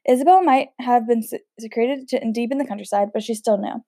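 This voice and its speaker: Mellow woman reading a novel with asides. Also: on the high side, a little fast, no echo, studio quality. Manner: casual, stumbles over words, chatty asides. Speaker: audiobook reader.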